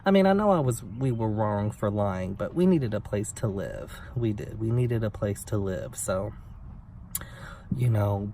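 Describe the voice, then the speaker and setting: A young man telling a story on his vlog in a blunt, sassy, profane way, with big swings in pitch. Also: lively intonation, a little slow, dark tone. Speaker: vlogger. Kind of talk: casual storytime rant. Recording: somewhat distant mic with faint background noise.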